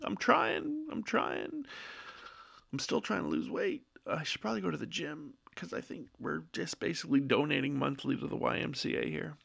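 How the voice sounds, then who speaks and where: Gravelly man in his forties rambling. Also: a little high, brisk, hardly any pauses, fairly bright tone. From Canada. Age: 40s. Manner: meandering, self-deprecating, loses his train of thought, swears casually. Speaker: solo podcast host. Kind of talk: rambling casual monologue. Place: office. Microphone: own microphone, sometimes moves off it.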